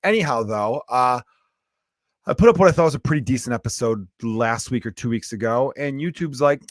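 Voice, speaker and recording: A man's voice: mid-range voice, lively intonation, brisk, no echo, studio quality. A man hosting his own podcast, a stand-up comedian ranting casually and bluntly, swearing freely, with a lingering cough. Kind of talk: casual profane rant.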